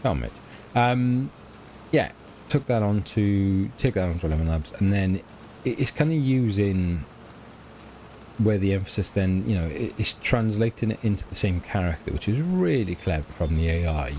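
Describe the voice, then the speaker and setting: There's a slight hiss or hum behind this lowish, somewhat mellow male voice, which sounds animated and moves at a normal pace. He's a middle-aged British let's play gamer chatting casually over a farming game, rambling, hesitating, trailing off, and making fun of himself.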